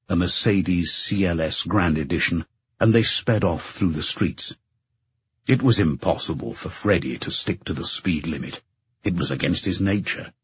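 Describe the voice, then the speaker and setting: A man narrating an audiobook in a measured, even storytelling manner. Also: low voice, slightly rough. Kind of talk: scripted narration. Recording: dull dry narration recording.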